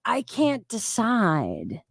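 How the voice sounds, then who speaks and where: A woman's voice: a little high, wildly swooping pitch, extremely slow, vocal fry, breathy edge, no echo, clean studio sound. A woman giving blunt, profane, sarcastic commentary on a live stream as a reaction streamer.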